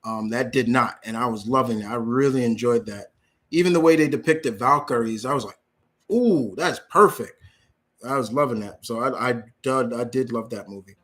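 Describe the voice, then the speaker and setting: A man's voice: mid-range voice, fairly quick, a bit bright. A young man hosting a live Q&A, reading out viewer questions and answering them in a casual, blunt way. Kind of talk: live Q&A chat.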